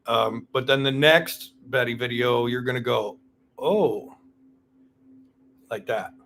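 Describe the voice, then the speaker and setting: A man hosts an unplanned live stream in a loose, rambling way. He greets viewers by name and teases them, and his voice sits at an ordinary middle pitch. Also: flat delivery, moderate pace, creaky, pushed and bright, slight background noise. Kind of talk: casual live-stream chat.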